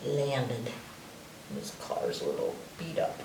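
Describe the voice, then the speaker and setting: A woman hosting a library story time, reading a picture book aloud to children in an animated way and asking them questions. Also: very deep voice, takes it slowly. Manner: animated, questioning the young listeners. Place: library room. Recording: echoey room, distant mic, faint noise.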